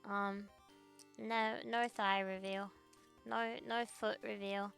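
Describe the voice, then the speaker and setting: Gravelly woman ranting on stream. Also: mid-range voice, little pitch movement, slow pace, a bit bright, soft background music. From Australia. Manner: rambling, profane, ranting. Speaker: VTuber streamer. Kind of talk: casual livestream chat. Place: home computer desk.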